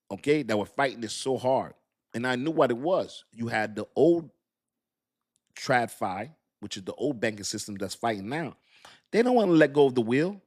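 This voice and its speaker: A man hosting a casual crypto livestream, talking in animated, slangy street talk, swinging between loud and soft. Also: on the high side, unhurried, long pauses.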